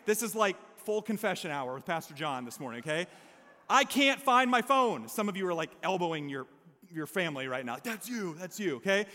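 Male pastor, high voice, chatty preaching with jokes and call-outs, long church reverb. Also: brisk. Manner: conversational preaching with frequent "okay?" and "amen?" to the congregation; lively storyteller who mixes humor with earnest emphasis. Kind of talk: sermon. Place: church service before a congregation.

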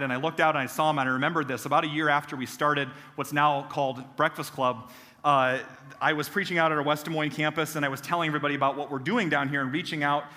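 A man's voice: a little high, big-room sound. A man preaching a sermon in a church sanctuary, telling stories and acting out the voices of the people in them. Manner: animated, acts out quoted voices with self-deprecating humor. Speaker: pastor. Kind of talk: sermon with personal storytelling.

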